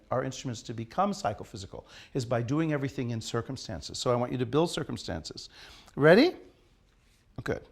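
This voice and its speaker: A man teaching an acting class in a studio, asking his students questions and leading them through an exercise. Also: a little high. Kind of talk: classroom lecture.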